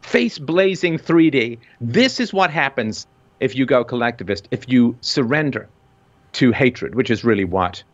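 A man's voice: medium pitch, big pitch swings, normal speed, highs cut off. A man with a vaguely British colonial accent, hosting an intense discussion and rising sharply when stressing a point. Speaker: podcast host.

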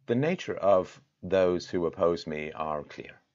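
Male host, very low voice, impassioned rhetorical monologue, lo-fi sound. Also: a little slow. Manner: impassioned, rhetorical, swings from loud to quiet. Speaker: show host. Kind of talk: direct-to-camera address.

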